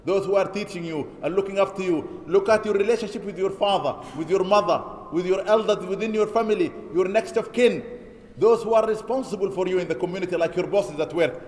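A man with a high, quick voice delivers an Eid sermon in a large mosque hall, his words ringing with long reverb. He exhorts the congregation, repeating key lines for emphasis and rattling off Arabic verses at speed. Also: a little mellow. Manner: chants Arabic scripture quotes quickly. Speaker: imam preaching.

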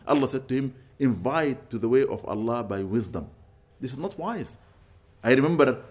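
An older man giving an Islamic lecture, telling stories earnestly with sudden bursts of loud emphasis. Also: medium pitch. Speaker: Islamic preacher. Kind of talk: religious lecture with storytelling.

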